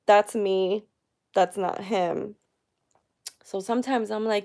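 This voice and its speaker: A woman's voice: medium pitch, steady tone, measured pace, vocal fry, a little mellow, clean tone. A woman in her thirties talking candidly to her viewers in a personal vlog, emotional and chatty with many fillers. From United States. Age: 30s. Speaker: vlogger. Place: at home.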